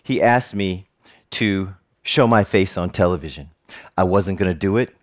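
A man's voice: low voice, normal speed. A middle-aged man giving an earnest personal storytelling talk, with joking asides.

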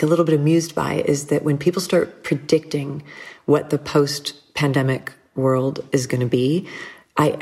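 Low-voiced woman, thoughtful and reflective. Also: husky. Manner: thoughtful, warm storytelling with frequent restarts and light laughs. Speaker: interview guest. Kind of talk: reflective conversational talk.

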